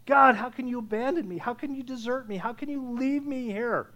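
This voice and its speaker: Male pastor, high voice, sermon delivery that shifts from hushed to loud, asks the room questions. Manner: swings from hushed, slow lines to loud preaching, asks the congregation questions.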